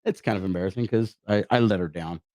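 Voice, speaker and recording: A man's voice: low voice, fast, a little mellow, no echo. Laid-back, joking podcast co-host man. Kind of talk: casual podcast chat.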